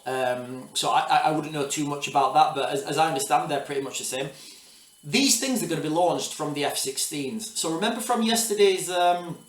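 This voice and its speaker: A man's voice: a little high, expressive, brisk, recorded from a distance. A man hosting his own video channel, giving rambling casual commentary with many restarts and repeated asides to his viewers. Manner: rambling, restarts, repeats "guys, all right". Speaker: video host. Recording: echoey room, off-mic.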